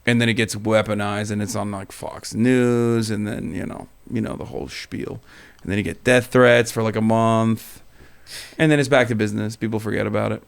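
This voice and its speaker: A man's voice: on the low side, fairly even intonation, normal speed, gravelly, clear, resonant tone. A man, a live streamer and podcast guest, talking in a casual, sarcastic way and swearing freely. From Turkey.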